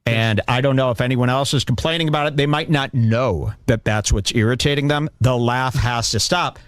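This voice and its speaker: A man's voice: mid-range voice, moderate pace, dry recording, clean studio sound. A man co-hosting a talk radio show, complaining and laughing in banter. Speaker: radio show co-host in a played clip.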